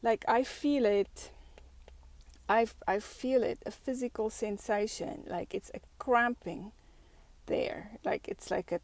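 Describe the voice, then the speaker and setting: A woman's voice: on the high side, slow, no echo. A woman vlogger talking through her thoughts in a reflective, casual way, with lots of fillers and restarts.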